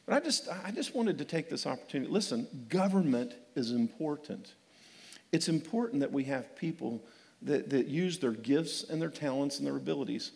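A man's voice: medium pitch, animated, normal speed, creaky, darkish tone, big-room sound. A man preaching a sermon as pastor, emphatic and humorous, often repeating words and calling for amens. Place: church sanctuary.

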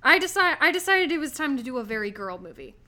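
Woman co-host, fairly high and bright-toned; giggly, rambling, friendly film-chat energy. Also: very animated, fast talker. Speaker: podcast co-host. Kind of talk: casual movie-review chat.

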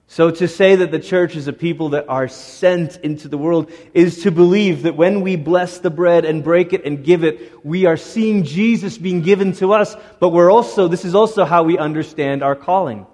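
A middle-aged man preaching a sermon as a pastor, lively and conversational, now and then acting out the voices of people in the story. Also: fairly high pitch, moderate pace, few pauses. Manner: animated, acts out voices of Moses and God. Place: church sanctuary. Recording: long reverb of a church hall.

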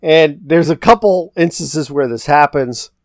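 A man with a somewhat high voice walks through a film's story in a loose, rambling chat, slipping into quick quoted lines. The sound is dry and close to the mic. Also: no room sound. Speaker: podcast co-host. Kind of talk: casual movie recap chat.

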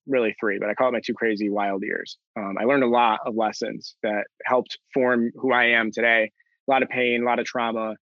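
A man's voice: mid-range voice, fairly bright tone, dry recording, dull audio. A young man in an interview, recounting a personal story earnestly, with many fillers and restarts. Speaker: interview guest.

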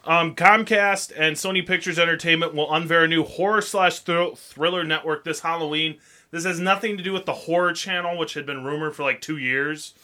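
A man's voice: a little high, steady tone, a little fast, sharp tone. A man hosting a casual radio show, joking and reading entertainment news.

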